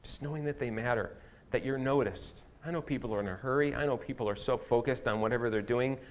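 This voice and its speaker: A man's voice: medium pitch, fast. A man preaching a sermon as pastor, telling a candid personal story with a self-deprecating touch. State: tearful at times. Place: church sanctuary.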